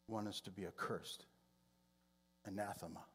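A man teaching from the Bible in a sermon, speaking in a measured way and often clearing his throat. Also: lowish voice, steady tone, a bit bright.

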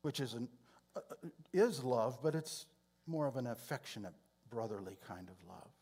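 Male preacher, mid pitch, measured Bible teaching, clears throat often. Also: animated, a little mellow. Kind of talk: sermon.

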